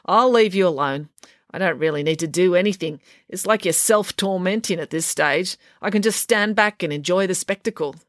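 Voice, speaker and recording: A woman's voice: lowish voice, moderate pace, dry recording, close to an everyday voice. A woman voicing a sardonic, teasing schoolgirl in an audiobook. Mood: mocking. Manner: dry, mocking.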